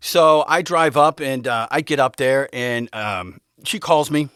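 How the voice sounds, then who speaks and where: A man's voice: medium pitch, a little slow, a bit bright, clear, resonant tone, no room sound, clean studio sound. A man hosting a podcast, telling a rambling, candid personal story in a casual way and laughing often as he goes. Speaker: podcast host.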